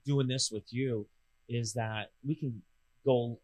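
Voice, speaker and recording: A loud, animated man, talking in casual chat. His voice sits at a middling pitch and he projects every word, a man in his fifties who belts things out. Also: takes it slowly, poor audio. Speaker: real estate radio show host.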